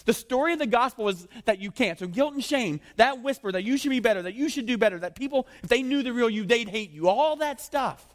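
Man preaching, high voice, conversational and animated, long church reverb. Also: fast talker, few pauses. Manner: conversational, animated, often drops to a low intense voice. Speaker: pastor. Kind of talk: sermon.

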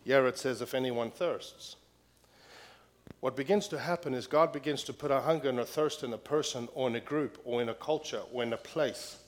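Male pastor, mid-pitched voice, emphatic preacher who hammers repeated phrases. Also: quick pace, hardly any pauses. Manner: emphatic preaching, repeating key phrases, grows loud reading scripture. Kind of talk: sermon. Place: church.

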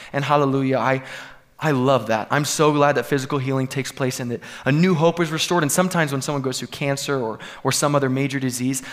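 A man preaching a sermon to a congregation, earnest and building to emphatic peaks. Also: mid-range voice. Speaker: pastor. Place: church sanctuary.

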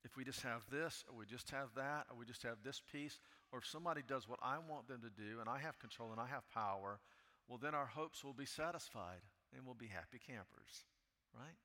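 Impassioned preacher in a reverberant hall. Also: male voice, mid-range voice, a little fast. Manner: rises to loud impassioned pleading when reading scripture. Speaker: pastor. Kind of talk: sermon.

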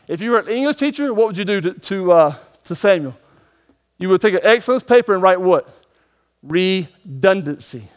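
A man preaching a sermon as pastor, moving between emphatic and hushed moments and slowing down to read scripture. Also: high voice, animated. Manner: dynamic preaching, swings from emphatic to hushed, slow scripture reading.

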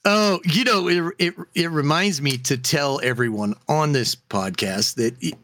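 A man's voice: on the high side, unhurried, fairly bright tone. A man co-hosting a casual podcast, joking around, laughing often and slipping into silly voices. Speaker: podcast co-host.

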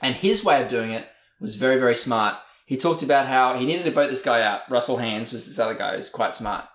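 A man co-hosting a casual podcast, telling a story with lively acted-out quotes and frequent laughter. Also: medium pitch, brisk. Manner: animated storyteller, laughs mid-sentence, acts out quoted people. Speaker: podcast co-host. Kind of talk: casual chat. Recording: roomy echo.

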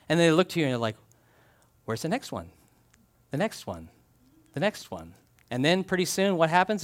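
A male pastor preaching in a fairly high voice that rises and falls a lot. He reads scripture and tells stories with animated little acted-out scenes. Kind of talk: sermon with scripture reading.

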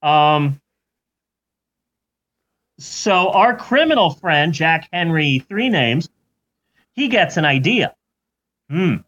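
Playful slow-talking male storyteller. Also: fairly high pitch, sing-song, fairly bright tone. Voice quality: playful, jokey. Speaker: podcast host. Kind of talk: comedic storytelling. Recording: lo-fi recording.

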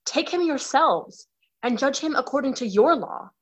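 Stern roman governor, woman reading the part, measured questioning scripture reading, slightly high voice. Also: expressive. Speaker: reader in a dramatized scripture reading.

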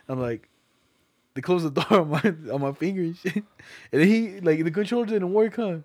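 A man's voice: fairly high pitch, brisk, a little mellow, dry recording, clean studio sound. Laid-back young man telling a story. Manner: laid-back storytelling, swears often, laughs while telling. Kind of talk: casual chat.

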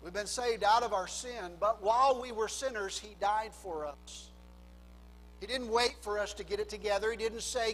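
Male pastor, sermon, high voice, drops to a hush then builds, echoing church hall. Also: moderate pace. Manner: preaching with dramatic drops to a hush and rising emphasis.

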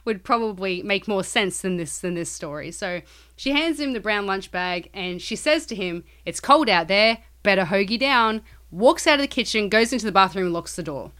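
A woman's voice: mid-range voice, expressive, fairly quick, a bit bright. A woman co-hosting a podcast, casually retelling a strange story with lots of swearing and acted-out quotes. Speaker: podcast co-host.

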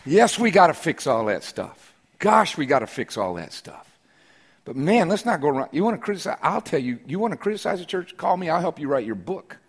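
A middle-aged man preaching a sermon to his congregation, shifting from a relaxed, joking story to emphatic, repeated declarations. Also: on the high side, a little fast, breathy edge. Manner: conversational storytelling with humor, rising to emphatic declarations. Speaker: pastor. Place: church sanctuary during a service.

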